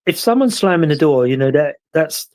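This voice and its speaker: A man's voice: a little high, expressive, fairly quick, darkish tone. British man, rambling and reflective. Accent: British English. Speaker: host. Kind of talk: casual chat.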